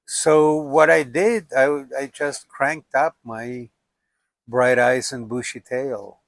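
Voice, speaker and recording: Older man from Russia, slow reflective storyteller, dry close sound. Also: medium pitch, steady tone, no echo. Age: 70s. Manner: unhurried, musing, with frequent "you know" and "like". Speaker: documentary subject.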